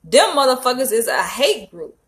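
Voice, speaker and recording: Woman vlogger, animated and emphatic, casual commentary. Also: on the high side, moderate pace. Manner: animated, emphatic, frequent profanity.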